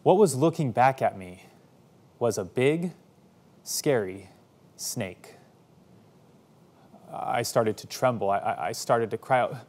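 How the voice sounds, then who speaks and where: A man in his thirties, a pastor telling stories from his childhood in a sermon, animated and acting out the voices in them. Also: mid-range voice. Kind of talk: sermon storytelling.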